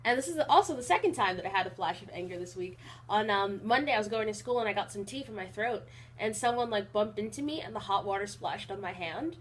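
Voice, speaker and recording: A young woman talking casually in a rambling vlog, with an even, not very emotional delivery and lots of fillers. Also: medium pitch, fast, slightly rough. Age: young adult. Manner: rambling with many fillers and restarts. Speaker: college vlogger.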